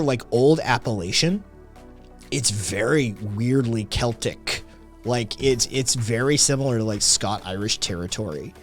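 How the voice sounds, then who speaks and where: A man hosting a casual livestream, rambling and swearing as he answers chat messages. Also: mid-range voice. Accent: slight Southern drawl at times. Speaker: podcast host.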